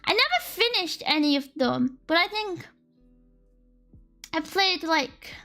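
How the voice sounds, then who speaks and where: With faint lofi music behind her, she speaks slowly in an extremely high-pitched voice with lively intonation and a sharp tone. The speaker is an Australian woman livestreaming while coding, rambling casually, poking fun at herself, and laughing a lot.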